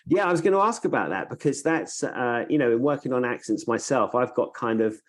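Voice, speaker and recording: Male podcast host, thoughtful and meandering, mid pitch. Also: expressive, fairly quick. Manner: thoughtful, meandering, restarts sentences. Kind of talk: casual podcast chat.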